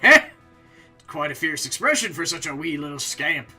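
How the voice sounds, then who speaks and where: A man voicing a gruff, rough-talking male villain boss with a put-on accent, during a live game playthrough. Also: a little high, sing-song, moderate pace, sharp tone, faint music behind, exaggerated voice. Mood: swaggering.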